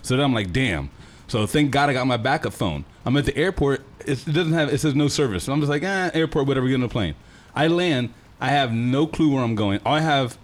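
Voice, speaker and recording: A young man telling a wild story in casual, profane, animated talk. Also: medium pitch. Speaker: guest telling a travel story.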